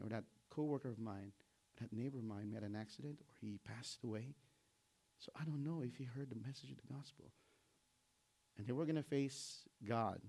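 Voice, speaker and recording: A middle-aged man preaching a sermon in an animated way, acting out biblical characters and laughing as he goes. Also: mid-range voice, gravelly. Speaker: pastor.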